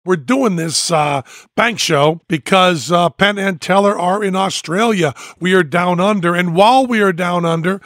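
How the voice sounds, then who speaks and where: A man's voice: sits high, gravelly, no room sound, clean studio sound. A man from Western Massachusetts hosting a podcast in casual chat, laughing often and repeating words as he restarts. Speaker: podcast host.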